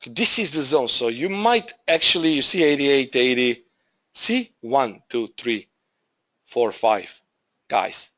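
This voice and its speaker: Slow-talking man presenting a trading webinar. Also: mid-range voice, fairly bright tone. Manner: halting, repeats himself, addresses viewers as "guys". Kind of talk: live trading webinar walkthrough.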